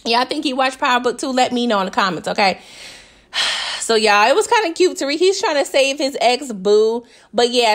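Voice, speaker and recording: Chatty animated woman recapping TV. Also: a little high. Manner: chatty, animated, laughs often, addresses viewers as y'all. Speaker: TV recap vlogger. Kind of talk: casual TV recap.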